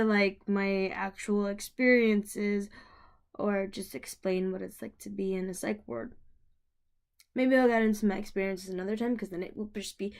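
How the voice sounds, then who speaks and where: A young woman casually telling her own story to the camera, rambling with many fillers, restarts and laughs. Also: medium pitch. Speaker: vlogger.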